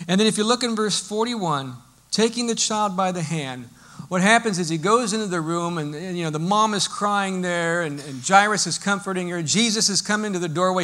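A male pastor preaching a sermon in a lively, storytelling way, explaining as he goes. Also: high voice.

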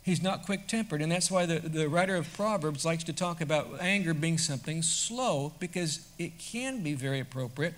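A male pastor delivers a sermon in a bright, slightly high voice. He talks in a conversational way, then builds to loud, emphatic peaks.

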